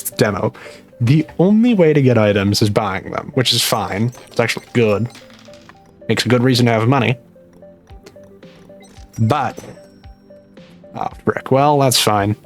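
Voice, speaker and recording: A young man talking quietly through a dental retainer while playing a game at home late at night, rambling and mocking himself. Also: medium pitch. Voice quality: slightly muffled speech from a dental retainer. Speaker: gaming YouTuber. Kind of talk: live gameplay commentary.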